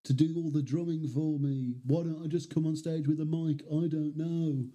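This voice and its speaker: A man guesting on a casual podcast, talking in an animated, joking way. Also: on the high side, moderate pace, a little hiss or hum. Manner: animated, jokey, breaks into impressions.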